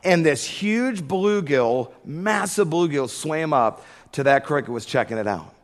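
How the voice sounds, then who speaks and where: A middle-aged man preaching a sermon, telling a humorous story in an animated way before building to loud preaching. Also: on the high side, unhurried. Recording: echoey hall with long reverb.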